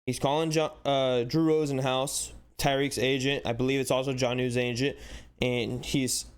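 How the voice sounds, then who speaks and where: A man hosts a sports channel and breaks down footage in casual, animated commentary. His voice is smooth and resonant at an ordinary pitch. He fires off exasperated rhetorical questions and leans on "like" throughout. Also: normal speed.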